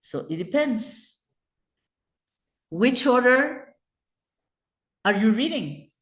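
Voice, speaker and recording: A woman's voice: fairly high pitch, big pitch swings, drawn-out words, a bit bright, reverberant. A woman with a Mexican Spanish accent teaching English grammar in an online class, patiently explaining and checking in with her students.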